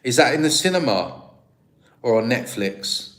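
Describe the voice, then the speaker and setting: A man's voice: mid-range voice, sing-song, measured pace, fairly bright tone. Rambling British man on a livestream. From Britain. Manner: rambling, self-deprecating, restarts sentences. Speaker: livestream host. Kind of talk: casual live-stream chat, reading viewer comments.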